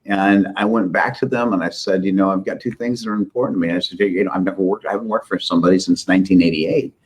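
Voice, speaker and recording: A man's voice: low voice, fairly even intonation, fast, breathy edge. A middle-aged man, a company CEO, telling rambling, self-deprecating business stories in a casual interview. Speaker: software company CEO, guest.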